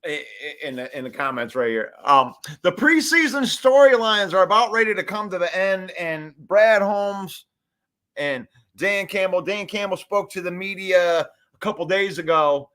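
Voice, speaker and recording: A man hosting a live sports fan show, talking in an animated, hyped way, reading comments aloud and laughing often. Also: high voice, a little slow.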